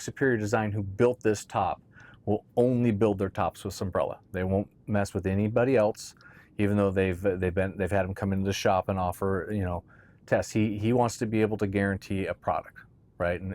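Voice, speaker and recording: A man's voice: lowish voice, darkish tone. A man casually explaining boat gear in a conversational how-to talk, often checking in with "right?". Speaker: boat owner explaining boat tops.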